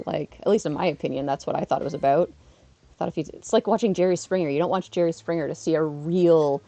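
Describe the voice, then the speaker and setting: A chatty woman in her thirties streams a mobile game and rambles through asides. She laughs easily, and her voice sits mellow and warm on a dry, close mic. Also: low voice, no echo. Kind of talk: casual live-stream chat while gaming.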